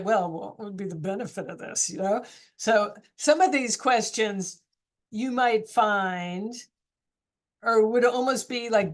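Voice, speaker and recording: Speaking at a medium pitch, a woman teacher runs a relaxed online class discussion. She keeps it chatty and supportive, firing off question after question to her students.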